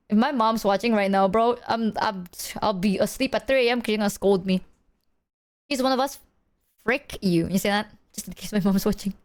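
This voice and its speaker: A young adult woman streamer chatting casually, animated and slangy, swearing and laughing as she talks to her chat. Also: medium pitch. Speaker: livestreamer.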